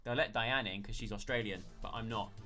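A man's voice: lowish voice, fairly quick, pushed and bright, faint music behind. Chatty man live-streaming. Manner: chatty, thanks viewers by name. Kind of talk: casual live-stream chat.

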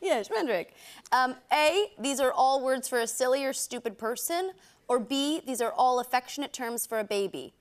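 A woman in her twenties from Southern California, an actress guest on a talk show, telling stories in an animated, giggly way. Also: sits high, moderate pace. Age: 20s. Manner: animated, giggly, chatty storyteller. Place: TV studio.

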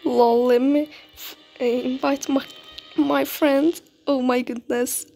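Gushing high-voiced woman gaming vlogger. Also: fairly even intonation, slow, creaky, mellow. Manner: gushing, repeats exclamations. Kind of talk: excited game commentary. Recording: music playing under the voice.

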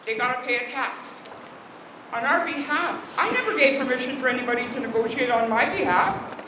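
Woman, from Alberta, First Nation leader; high voice, emphatic, indignant rally speech, distant off-mic sound. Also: lively intonation, brisk. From Alberta, Canada. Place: outdoor rally in cold weather. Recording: echoey, distant, noisy outdoor crowd ambience.

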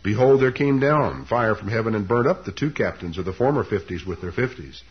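A man preaching a sermon, telling a scripture story with lively, dramatic delivery. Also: fairly quick, hardly any pauses, husky, muffled recording. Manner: animated storytelling, leaps up in pitch for quoted lines.

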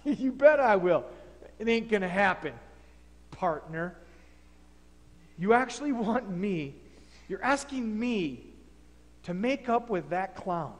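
A man's voice: high voice, pitched below the performer's own voice. A man preacher acting out a wronged man who protests and stammers in a sermon skit, heard in a reverberant church hall. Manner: indignant, pleading, stammering. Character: aggrieved man wronged by his servant.

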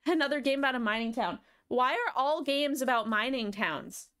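A woman's voice: high-pitched, moderate pace, a bit bright, clean tone. Chatty, affectionate woman streamer. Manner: chatty, affectionate, swears casually. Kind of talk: casual live stream chat.

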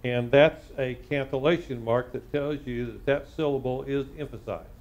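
Male rabbi leading a live Torah class, mid-pitched, works through Hebrew slowly with pauses. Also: darkish tone, muffled recording. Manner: slow, halting, reading Hebrew word by word and translating. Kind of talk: live Bible study lesson.

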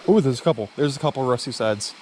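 Excited guy fishing a stream at night. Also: medium pitch, fast talker, background noise. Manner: excited, nerdy, rambling with fillers. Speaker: fishing vlogger. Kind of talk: casual outdoor narration.

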